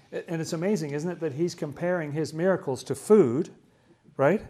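A man's voice: a little high, normal speed, warm tone. A man leading a casual Bible study, explaining passages with enthusiasm and asking questions as he goes.

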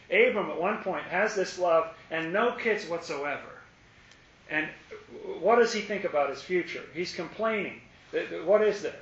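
A man preaching a sermon in an animated, emphatic way, sometimes acting out voices. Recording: roomy, dull audio with faint rumble.

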